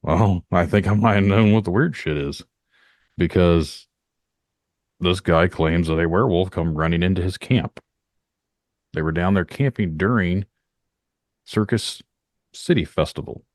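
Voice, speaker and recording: A man's voice: sits low, unhurried, pauses often, no room sound, studio quality. A man from Northern Indiana, hosting a podcast in a rambling, talkative way. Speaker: podcast host. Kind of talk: casual podcast chat.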